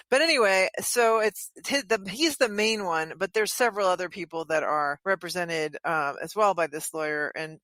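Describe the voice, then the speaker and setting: A woman on a podcast talking casually and earnestly, pausing often with ums as she searches for words. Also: fairly low pitch, bright, forceful tone, no room sound. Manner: halting, many ums, earnest.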